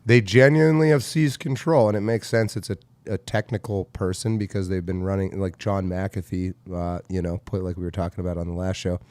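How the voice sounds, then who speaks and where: A man's voice: low voice, fairly even intonation, brisk, few pauses, a little mellow. A man co-hosting a casual podcast chat, talking in a rambling, profane, digressive way. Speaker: co-host.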